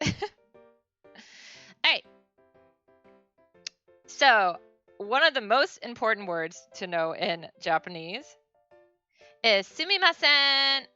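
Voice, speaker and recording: A woman's voice: medium pitch, expressive, slow pace, pauses often, pushed and bright, dry recording, lo-fi sound, soft background music. A woman streamer giving a casual beginner language lesson, chatty and full of fillers and self-corrections.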